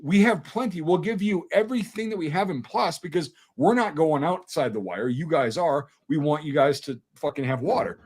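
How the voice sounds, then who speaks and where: A man's voice: on the high side, moderate pace, hardly any pauses, breathy edge. Profane storyteller man from Wisconsin. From Wisconsin, USA. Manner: profane, animated, acts out quoted dialogue. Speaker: military veteran telling a war story. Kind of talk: casual storytelling chat.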